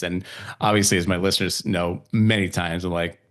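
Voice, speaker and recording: A man's voice: low voice, fairly quick. Laid-back man hosting a spiritual podcast. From Italian heritage. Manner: relaxed, laughs often, acts out quoted voices. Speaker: podcast host. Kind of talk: casual spiritual conversation.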